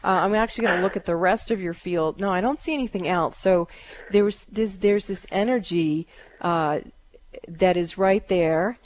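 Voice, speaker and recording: A woman hosting a call-in psychic radio show, giving calm, halting readings with many fillers. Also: on the low side.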